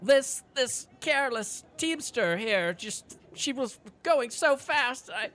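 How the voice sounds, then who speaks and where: A wailing, high-pitched faker. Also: animated, slow, a bit bright, heavily acted. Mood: pleading. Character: male rogue faking a broken leg, melodramatic and wailing. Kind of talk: tabletop role-play in character.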